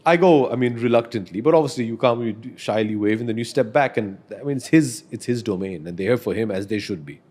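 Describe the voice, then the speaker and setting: A man's voice: medium pitch, quick pace, few pauses. A man, earnestly telling a personal story as a podcast guest. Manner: earnest, reflective, animated when telling stories.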